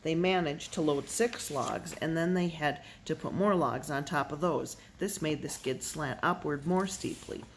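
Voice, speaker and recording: An audiobook reader narrating a children's novel in a middle-pitched voice. The narration stays steady and even, and the voice lifts for the characters' lines. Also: a little slow, few pauses, slight background noise. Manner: steady narration, lifting the voice for dialogue. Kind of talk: reading a children's novel aloud.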